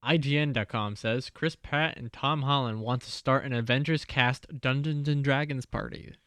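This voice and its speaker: A young man co-hosting a podcast, brisk and matter-of-fact in casual chat. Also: medium pitch, steady tone, fairly bright tone, smooth, no echo. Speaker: podcast co-host.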